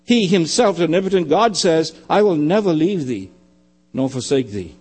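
A man's voice: lively intonation, normal speed, husky. Emphatic man preaching a sermon. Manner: emphatic, repeating phrases, dropping to quiet lows.

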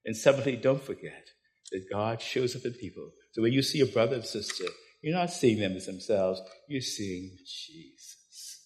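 An older man, preaching a storytelling sermon that swings from loud, laughing anecdotes to hushed intensity. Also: medium pitch, animated, fairly quick.

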